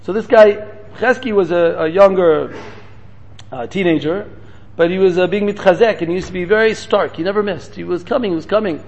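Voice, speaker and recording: A man giving a storytelling sermon as a guest speaker, talking in rapid, repetitive bursts sprinkled with Hebrew terms. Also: high-pitched, lo-fi sound.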